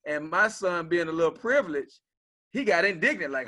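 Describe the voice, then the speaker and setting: Guy with a bright, slightly high voice, talking earnestly about his son on a panel. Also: animated, brisk. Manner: earnest storytelling, speaking to the host as brother. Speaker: father on a discussion panel. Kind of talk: conversational panel talk.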